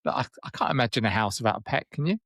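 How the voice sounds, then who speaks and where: A man's voice: medium pitch, animated, rapid-fire, gravelly, fairly bright tone, no room sound. A man co-hosting a podcast in casual chat, teasing his co-host with dry banter.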